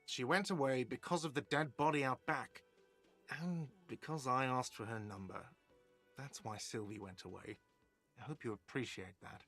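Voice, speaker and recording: A curt, fed-up cafe manager. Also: male voice, mid-range voice, moderate pace, a bit bright, soft background music. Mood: annoyed, defensive. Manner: defensive, curt and exasperated. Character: irritable middle-aged male cafe manager.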